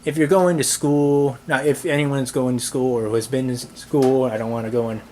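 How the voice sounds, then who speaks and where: A man's voice: mid-range voice, fairly even intonation, warm tone, a little hiss or hum. A man tells a camera how a movie night went wrong, swearing often and sounding thoroughly exasperated. His delivery rambles, stumbling through restarts and filler words as he complains. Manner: halting, full of restarts and "like". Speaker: movie reviewer. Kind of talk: ranting movie-theater story.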